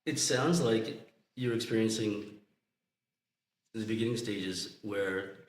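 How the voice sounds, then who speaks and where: A man's voice: on the low side, takes it slowly, reverberant, low-quality recording. A man co-hosting a podcast, explaining ideas and checking in with "right?" and "you know". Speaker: podcast co-host. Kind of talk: casual chat.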